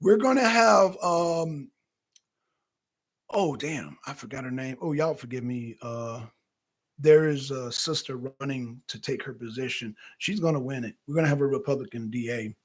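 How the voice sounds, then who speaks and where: A man's voice: medium pitch, normal speed. A man co-hosting a political talk show, talking casually and profanely straight to his viewers. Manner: animated, profane, chatting directly to viewers. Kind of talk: casual livestream commentary.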